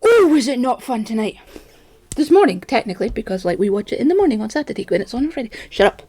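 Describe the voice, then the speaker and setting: A woman's voice: on the high side, animated, quick pace, warm tone, breathy edge. A woman ranting in an agitated, rambling, self-mocking monologue, a little out of breath. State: slightly out of breath. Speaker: vlogger.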